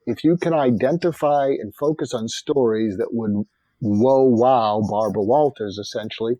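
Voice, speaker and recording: A man's voice: mid-range voice, warm tone, no room sound, poor audio. An older man, a psychiatrist and author, telling anecdotes as a guest in an interview. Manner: measured anecdotal storytelling. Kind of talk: storytelling in an interview.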